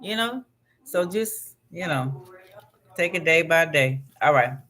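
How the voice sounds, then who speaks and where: A man's voice: on the high side, expressive, slow pace, bright, forceful tone. A man hosting a vlog, reading astrology text aloud and breaking off into casual, conversational asides. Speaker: vlog host.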